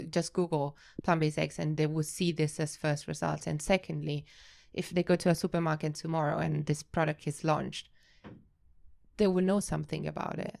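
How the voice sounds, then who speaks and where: Low, gravelly Italian-accented woman. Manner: hesitant, restarts often, animated when explaining. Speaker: guest researcher. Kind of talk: podcast interview.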